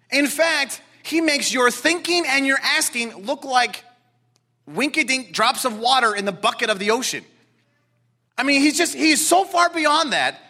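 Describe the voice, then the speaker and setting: Excitable preacher guy in a church, really high voice, bright and punchy, goes loud then drops to a hush. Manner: excitable, emphatic, swings from loud to hushed. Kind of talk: expository sermon. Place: church sanctuary with a seated congregation.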